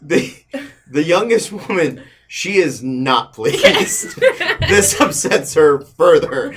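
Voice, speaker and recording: Slow, lively-voiced man running a game. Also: a little high, noisy background. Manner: halting, with many ums, descriptive. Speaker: game master. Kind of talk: narrating a tabletop game.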